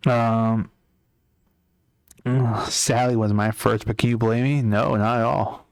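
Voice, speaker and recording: A man's voice: mid-range voice, steady tone, takes it slowly, vocal fry, smooth. A young man casually chatting with his chat while drawing on a live stream, rambling and answering comments as he works. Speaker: art streamer.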